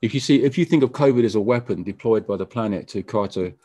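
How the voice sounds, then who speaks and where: A man being interviewed as a musician, talking casually in a halting way with frequent stammered restarts. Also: fairly low pitch, dark tone, slightly rough, no echo, clean studio sound. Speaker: musician guest.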